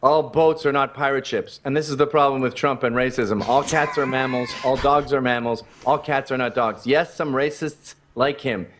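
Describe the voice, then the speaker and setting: A man's voice: mid-range voice, steady tone, normal speed, few pauses, a bit bright, a little hiss or hum. A man in opinionated chat who lectures, explaining his points through analogies.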